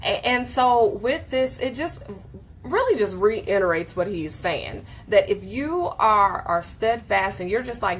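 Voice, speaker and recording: A woman hosting a casual motivational book discussion, speaking in an emphatic, animated, preacherly way. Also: medium pitch, unhurried, slight background noise. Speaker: host leading a book discussion.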